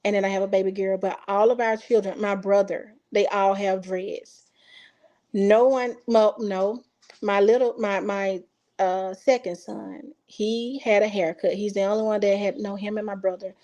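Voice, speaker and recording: Woman, mother from Texas, casual talk, emotional, acts out dialogue, mid pitch. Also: steady tone, normal speed, mellow. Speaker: interview guest. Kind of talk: casual recounting.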